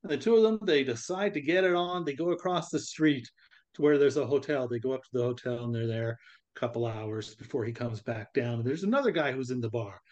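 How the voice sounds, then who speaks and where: A man's voice: mid-range voice, brisk. A man co-hosting a casual podcast, telling a joke and acting out the voices in it. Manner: animated storyteller, acts out voices. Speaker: podcast co-host.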